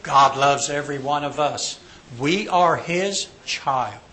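A man teaching a Bible class, acting out quoted lines loudly and dropping to a soft voice to pray. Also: a little high, expressive, slow pace, poor audio. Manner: dramatic, acts out quotes loudly then drops soft for prayer.

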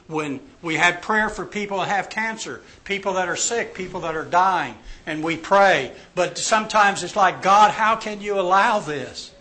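Bright-voiced man teaching a Bible class. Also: high-pitched, moderate pace, hardly any pauses, low-quality recording. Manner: dramatic, acts out quotes loudly then drops soft for prayer.

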